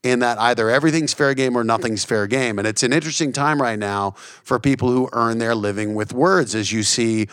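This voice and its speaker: Comedian guest in his 40s, animated storyteller, earnest, dry close mic. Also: mid-range voice, fairly quick, hardly any pauses, clear, resonant tone, no echo. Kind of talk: casual podcast conversation.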